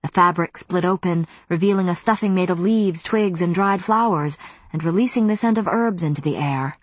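Low husky woman reading an audiobook, dry close sound. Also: moderate pace, no echo. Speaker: audiobook narrator. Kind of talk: scripted narration.

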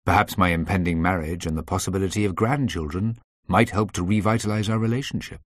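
A man narrating a story in a measured, tense way. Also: deep voice, no room sound, studio quality. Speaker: audiobook narrator. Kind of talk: scripted narration.

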